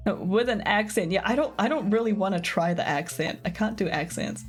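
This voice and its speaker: A woman's voice: medium pitch, animated, brisk, soft background music. A young woman streaming a game, chatting casually with viewers in a rambling, giggly way full of fillers. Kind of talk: casual live-stream chat.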